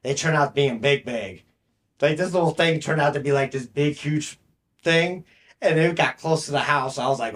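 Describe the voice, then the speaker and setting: A man's voice: fairly high pitch, normal speed, fairly bright tone. A young man co-hosting a podcast, telling rambling stories in casual chat and laughing mid-sentence. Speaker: podcast co-host.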